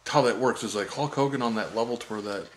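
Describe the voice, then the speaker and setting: A man co-hosting a podcast, jumping in with quick, eager remarks. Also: medium pitch. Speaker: podcast co-host. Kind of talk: casual chat. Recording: roomy mic with loud crowd chatter.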